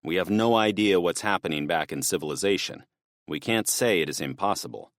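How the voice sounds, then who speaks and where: A man reading an audiobook, voicing a calm, practical middle-aged father who gives his son firm, serious instructions. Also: deep voice, brisk, no echo, clean studio sound. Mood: firm worried.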